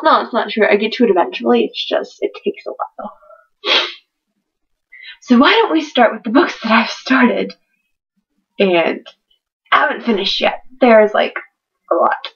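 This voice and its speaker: A woman's voice: fairly high pitch, measured pace, gravelly, long pauses, slightly rough. A teenage girl rambling about her books in a hyper, giggly way, vlogging at home. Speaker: book vlogger. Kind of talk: casual chat to camera. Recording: dull lo-fi webcam audio.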